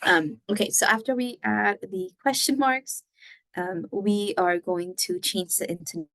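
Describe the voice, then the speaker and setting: In this recorded classroom lesson, a woman walks through Spanish patiently, one step at a time, switching between English and Spanish. She speaks at a measured pace in a medium-pitched, fairly bright voice. There's no room sound, though the audio quality is poor.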